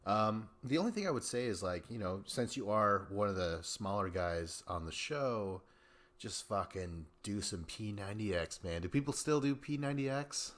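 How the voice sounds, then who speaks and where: A man's voice: lowish voice, expressive, normal speed, a bit bright. A man hosting a podcast, giving a rambling, profane recap of a reality show and acting out people's lines in mocking voices. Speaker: podcast host. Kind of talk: casual recap commentary.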